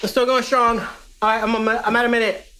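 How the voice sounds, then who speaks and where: A man's voice: very high voice, flat delivery, fast talker, sharp tone, clear, resonant tone. A man appearing as a podcast guest, chatting casually with crude, joking swearing. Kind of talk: casual chat.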